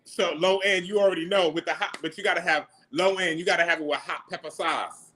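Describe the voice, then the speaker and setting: A man, hosting a casual livestream and chatting back to viewer comments in an animated, slangy way. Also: high voice, brisk. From New York. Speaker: livestream host.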